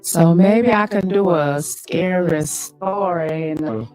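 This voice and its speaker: A middle-aged woman hosting a casual live stream, thinking aloud in an unhurried way while she sets up her audio gear. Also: on the low side, darkish tone, faint music behind, poor audio. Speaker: YouTube host.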